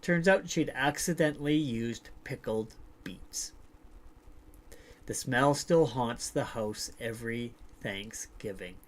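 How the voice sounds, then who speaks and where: A man's voice: mid-range voice, slow pace. A man hosting a livestream, reading short stories aloud and then chatting loosely with filler words. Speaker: livestream host. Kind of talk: casual livestream storytelling.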